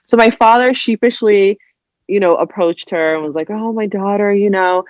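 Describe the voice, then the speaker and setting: A woman from New Jersey, a writer guesting on a podcast, telling stories in a casual, animated way, full of "like" and "you know," and acting out other people's voices. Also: mid-range voice, normal speed, dry recording, highs cut off. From New Jersey, USA. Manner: heavy use of "like" and "you know". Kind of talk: casual interview storytelling.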